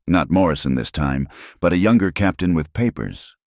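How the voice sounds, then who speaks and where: A man reading a frontier tale as scripted narration in an even storytelling manner. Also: sits low, moderate pace, no room sound, clean studio sound.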